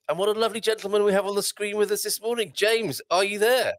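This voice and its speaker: A man's voice: high voice, quick pace, no echo, clean studio sound. A man hosting a live online show, chatting casually, reading out comments and tagging on questions. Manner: chatty, jokey, with tag questions.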